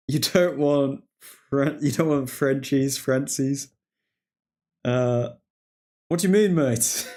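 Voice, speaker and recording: A male stream host keeps up rambling, laugh-filled chat during a live football watchalong, slipping in mock French. He speaks slowly at medium pitch, pausing often, with a warm tone.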